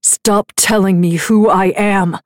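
A man's voice: high-pitched, unhurried, a little mellow, dry recording, clean studio sound. A woman reading the part of a brooding young male fae prince, cold, haughty and clipped. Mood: snarling.

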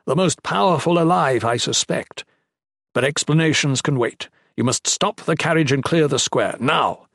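A man voicing a grave, calm old male magician who speaks in measured warnings. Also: fairly high pitch, gravelly, no room sound, clean studio sound, voice pushed up.

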